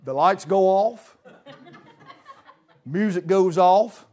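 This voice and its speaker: A man preaching a sermon in a church, folksy, with dramatic swings from loud to hushed. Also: high-pitched, drawn-out words.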